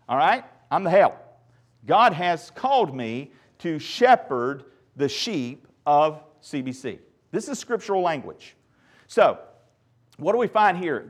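A middle-aged man, preaching a sermon as pastor and joking with the congregation in call and response. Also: a little high. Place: church sanctuary.

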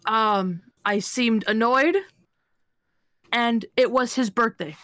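A woman co-hosting a podcast, telling blunt, profane work stories in a deadpan way. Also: on the high side, slow, no echo, clean studio sound. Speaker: podcast co-host. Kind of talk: casual chat.

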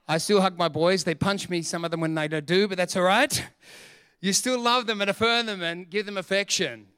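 A middle-aged man, preaching a sermon as pastor in an energetic, joking, emphatic way. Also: high-pitched, smooth, no echo.

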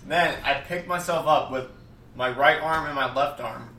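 Young man, podcast guest, deadpan rambler with lots of filler words, recorded in a roomy space away from the mic. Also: fairly high pitch, moderate pace, slight background noise. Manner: rambling, deadpan step-by-step storytelling with many fillers. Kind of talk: casual chat. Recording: roomy, distant mic with faint ambience.

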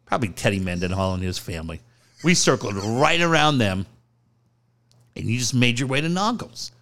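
A man's voice: medium pitch, lively intonation, normal speed, fairly bright tone. A middle-aged man from the San Diego area, chatting casually on a podcast, rambling and swearing as he goes. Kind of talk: casual chat.

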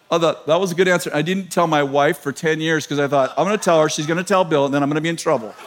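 A middle-aged man preaching a sermon, telling a story in an animated, self-mocking way and laughing often. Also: on the high side, fast.

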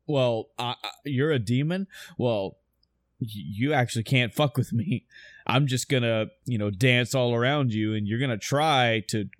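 A man's voice: medium pitch, a little slow, no room sound, studio quality, lightly acted. A man voicing a goofy male jester who taunts in an offhand way. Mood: taunting.

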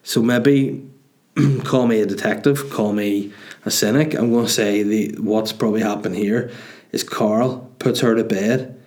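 A man's voice: on the low side, fairly even intonation, measured pace, a little mellow. A man with a Northern Irish accent hosting a comedy podcast, telling crude, rambling stories full of swearing. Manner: crude, meandering, profane. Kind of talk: rambling comic monologue.

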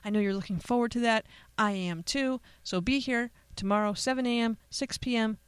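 A woman's voice: a little high, a little fast, clean tone, no room sound. A woman hosting a radio show, talking casually and playfully with joking, chatty asides in a studio. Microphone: studio microphone.

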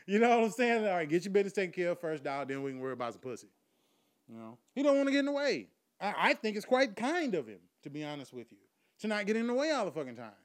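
A man's voice: sits high, sing-song, fast talker. A man telling a crude, profane story in a loose conversational monologue, laughing often.

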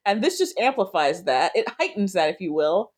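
A woman's voice: mid-range voice, sing-song, normal speed. A woman co-hosting a podcast, giving wry, exasperated commentary in casual chat. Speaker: podcast co-host.

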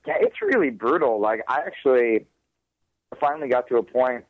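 A man's voice: medium pitch, huge pitch swings, moderate pace, no echo, narrow, tinny audio. A man who does stand-up comedy, talking casually in an interview, rambling, swearing and often laughing.

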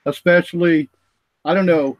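A man's voice: a little high, steady tone, normal speed. A man from the US East Coast hosting a casual podcast chat, rambling and chatty. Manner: rambling, chatty, lots of fillers. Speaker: host.

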